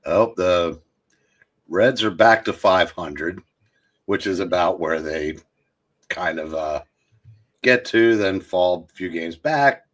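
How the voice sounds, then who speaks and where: Man, guest, casual chat, very low voice, relaxed, hesitant. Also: slow pace, long pauses.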